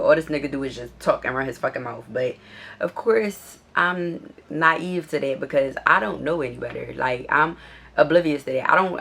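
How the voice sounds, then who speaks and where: A woman's voice: deep voice, a bit bright. A woman vlogger telling a story in a casual, blunt and profane way, reading out text messages as she scrolls through them. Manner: blunt, profane, exasperated retelling; reads texts aloud while scrolling.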